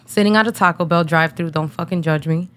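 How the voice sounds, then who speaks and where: A woman's voice: on the low side, fast talker, a bit bright, dry recording, clean studio sound. A woman in her thirties, from New Jersey, hosting a podcast and telling a personal story in a blunt, casual, slangy way, swearing freely and holding back tears. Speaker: podcast host.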